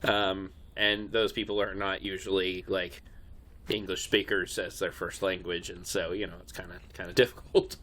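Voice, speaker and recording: Bright-toned, low-voiced male voice actor. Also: little pitch movement, moderate pace. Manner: chatty, frequent fillers. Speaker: podcast co-host and voice actor. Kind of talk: casual chat.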